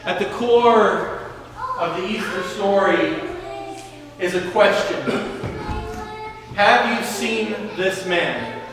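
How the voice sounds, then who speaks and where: A man preaching a sermon as pastor, slowly retelling a scripture story and often repeating words. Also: high voice, lively intonation. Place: church sanctuary. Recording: echoey church hall from a distance.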